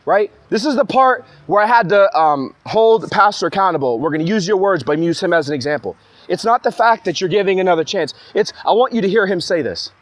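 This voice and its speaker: A man's voice: high-pitched, lively intonation, brisk, dry recording. A young man in a heated, rambling monologue, speaking in an agitated way full of restarts. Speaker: vlogger ranting to camera.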